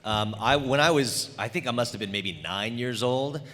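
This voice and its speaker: A man's voice: mid-range voice, normal speed, a bit bright. A man in his forties on a convention panel, easygoing and rambling as he tells a story, recorded in an echoey convention hall. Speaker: voice actor panelist.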